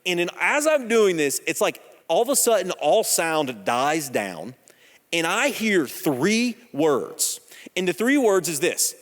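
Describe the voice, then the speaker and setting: A man in his thirties preaching a sermon, telling personal stories in a conversational, humorous, animated way. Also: high voice, normal speed. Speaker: pastor. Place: church sanctuary. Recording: long church hall reverb.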